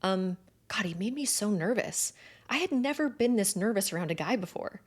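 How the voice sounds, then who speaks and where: A woman narrating a first-person romance novel in an expressive, animated way with breathy asides. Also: mid-range voice, moderate pace. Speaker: audiobook narrator.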